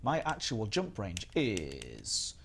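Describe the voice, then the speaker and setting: A man's voice: on the low side, wildly swooping pitch, slow pace, gravelly, slight background noise. Chatty young man streaming a game. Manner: chatty, greets viewers by name, upbeat. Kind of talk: casual live-stream chat.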